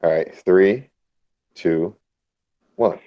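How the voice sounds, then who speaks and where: A man on a sports podcast panel whose faulty mic makes him sound distorted, gravelly and very deep, talking in a matter-of-fact way. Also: drawn-out words, muffled recording. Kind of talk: casual sports chat.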